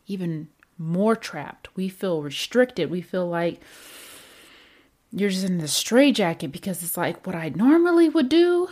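A woman's voice: mid-range voice, a little mellow. A woman giving a reflective self-help talk about anger, with repeated emphatic phrases and rhetorical questions. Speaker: speaker on anger and emotions.

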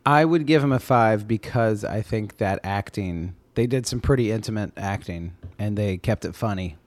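A man's voice: lowish voice, no echo. A man co-hosting a podcast in casual banter, joking and cutting in over the others. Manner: jokey, talks over others, quick interruptions. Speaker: podcast co-host.

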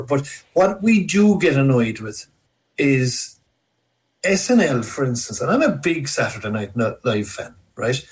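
A man's voice: medium pitch, lively intonation, measured pace, poor audio. A man from Ireland with a Cork accent, a guest on a podcast, talking thoughtfully and explaining at length with frequent ums. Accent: Cork Irish. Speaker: guest horror film correspondent. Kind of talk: podcast conversation.

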